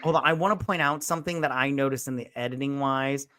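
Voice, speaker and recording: A man co-hosting a movie review podcast, retelling scenes in an animated way, jumping into character voices and swearing freely. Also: medium pitch, quick pace, no room sound, studio quality. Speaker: podcast co-host. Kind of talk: casual movie review chat.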